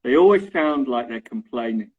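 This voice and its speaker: Husky Estuary English man, chatty. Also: medium pitch, animated, normal speed, narrow, tinny audio. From London. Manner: chatty, keeps checking in with "right?" and "okay?". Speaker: English teacher, interview guest. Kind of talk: casual explanatory chat.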